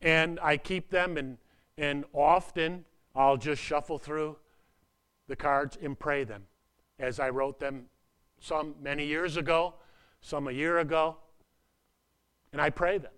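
Guy preaching, kinda high voice, chatty, gets quiet then really punches stuff. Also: slow, pauses often, smooth. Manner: lively and emphatic, swings from hushed to loud; conversational with asides and restarts. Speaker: pastor. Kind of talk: sermon.

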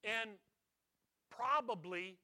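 A man preaching a sermon as a pastor, retelling a story with dramatic swings from loud to hushed. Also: high voice, extremely slow.

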